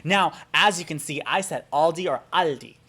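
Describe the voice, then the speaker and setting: A man from Germany, a YouTuber, giving a casual vlog lesson in a chatty, animated way that turns into exasperated pet-peeve ranting. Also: fairly high pitch, normal speed, slightly rough.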